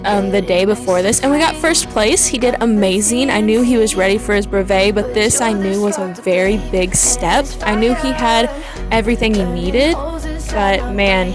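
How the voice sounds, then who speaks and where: A woman's voice: mid-range voice, normal speed, music in the background. A woman, a dog handler, chatting through her trial video and quoting her own nervous thoughts. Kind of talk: casual voice-over commentary on a trial video.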